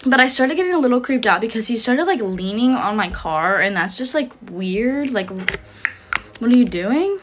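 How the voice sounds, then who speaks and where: A woman's voice: a little high, animated, moderate pace, few pauses, background noise. A young woman telling a story in a casual vlog, chatty and full of "like". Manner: chatty, fills every phrase with "like".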